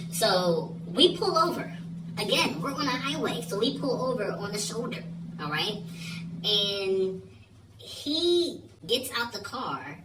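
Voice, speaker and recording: A man's voice: sits high, recorded from a distance. A young man telling a funny story in a casual vlog monologue, laughing and checking in with the listener. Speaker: vlogger. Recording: echoey room, voice off-mic, clear hum. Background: steady hum.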